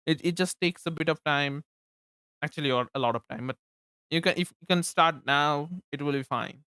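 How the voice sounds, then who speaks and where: A man's voice: fairly high pitch, normal speed, pushed and bright, clear, resonant tone, dry recording, clean studio sound. A young man from eastern India, Bengali native, with an Indian accent, chatting casually on a livestream, rambling with laughs and repeated words. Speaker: streamer.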